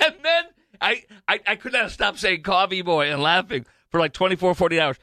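A man's voice: high-pitched, very animated, normal speed, sharp tone, dry recording. A man hosting a political talk radio show, rambling animatedly with many fillers and restarts.

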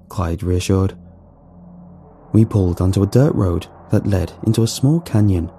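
A man's voice: on the low side, a little slow, warm tone, a little hiss or hum. A man narrating a first-person horror story in a wry, nervous storytelling manner.

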